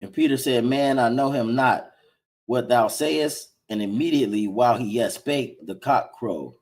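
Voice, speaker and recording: A man reading King James style scripture aloud at a steady pace during a Bible lesson. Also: medium pitch, normal speed, poor audio. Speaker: scripture reader.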